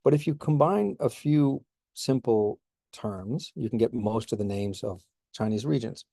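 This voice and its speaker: A man giving a relaxed recorded slideshow lecture on history, informal, with many fillers and restarts. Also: mid-range voice, unhurried, gravelly, dry recording.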